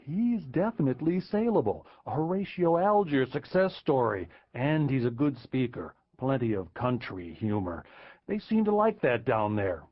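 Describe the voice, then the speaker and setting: A man's voice: medium pitch, very animated, normal speed, no room sound, dull audio. A man voicing a calculating, businesslike political adviser. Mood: measured.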